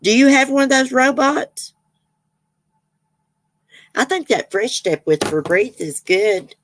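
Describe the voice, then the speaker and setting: A woman's voice: high voice, lively intonation, slow, background noise. A woman, chatting casually as a livestream host, reading viewer comments and rambling with frequent laughs.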